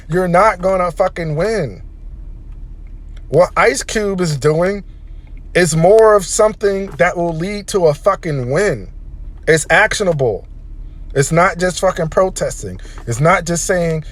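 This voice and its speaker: A man's voice: on the high side, expressive, unhurried. A man delivering a heated, profanity-laden opinion rant as a vlogger. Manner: heated, profane, emphatic ranting.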